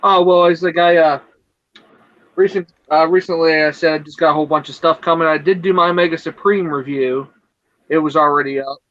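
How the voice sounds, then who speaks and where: Guy with a higher voice, halting, dry and kinda muffled. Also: steady tone, fairly bright tone, no room sound. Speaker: guest reviewer. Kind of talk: casual live-stream chat.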